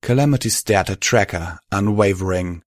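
Low-voiced man narrating a story. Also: normal speed, dry recording, clean studio sound. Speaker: audiobook narrator. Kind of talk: scripted fiction narration.

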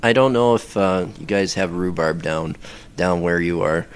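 A man chatting casually as a podcast guest, rambling with many pauses and fillers. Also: low voice, clear, resonant tone. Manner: rambling, hesitant, lots of ums. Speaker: voice actor guest.

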